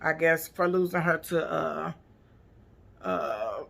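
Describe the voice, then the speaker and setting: A woman's voice: deep voice, expressive, slow, creaky, a bit bright. A woman recapping a reality TV episode in blunt, profane, sassy casual commentary. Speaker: TV recap vlogger.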